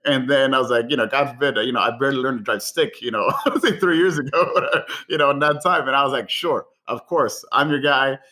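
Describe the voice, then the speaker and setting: A man from Guatemala, a chef guest on a podcast, telling anecdotes in an excitable way, acting out quoted voices and laughing often. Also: mid-range voice, quick pace. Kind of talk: animated anecdotal storytelling.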